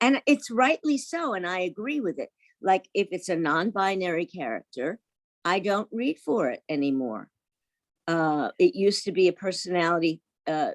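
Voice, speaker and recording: An older woman from Brooklyn with a Brooklyn accent, a voice actress chatting casually in an interview, lively and quick to laugh. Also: on the low side, dry recording, clean studio sound. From Brooklyn, New York. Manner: lively, laughs often, self-deprecating. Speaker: voice actress guest.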